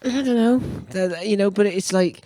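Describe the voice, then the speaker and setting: A Welsh man hosting a podcast, chatting in an animated way. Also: high-pitched, moderate pace, slight background noise. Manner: animated, jumps into mocking voices. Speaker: podcast host. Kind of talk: casual podcast chat.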